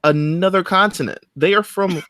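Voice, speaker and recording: A man's voice: high voice, moderate pace, fairly bright tone, slight background noise. A young man co-hosting a casual podcast chat about old wrestling shows, rambling and joking as he talks. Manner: rambling, joking, restarts often. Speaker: podcast co-host.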